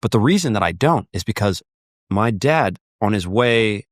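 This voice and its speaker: Low-voiced man telling a story. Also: normal speed, dry recording, clean studio sound. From United States. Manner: animated storytelling with many fillers and repeats. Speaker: podcast guest. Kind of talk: conversational podcast discussion.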